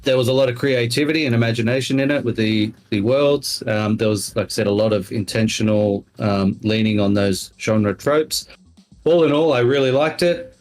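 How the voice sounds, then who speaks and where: A man's voice: medium pitch, moderate pace, darkish tone, soft background music. A man giving his film review as a podcast guest, rambling and hedging with lots of fillers. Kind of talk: casual chat.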